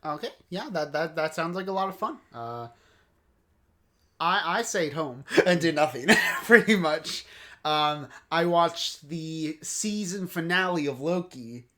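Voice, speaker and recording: A man's voice: on the high side, lively intonation, unhurried, a bit bright. A man hosting a casual podcast chat, tired and laid-back, who chuckles often and uses lots of fillers. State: tired, yawning. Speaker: podcast host.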